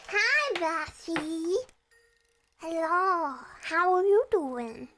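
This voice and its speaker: A woman's voice: high-pitched, takes it slowly, fairly bright tone, slight background noise. A young woman chatting casually and playfully with her viewers on a stream from her room. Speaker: VTuber streamer.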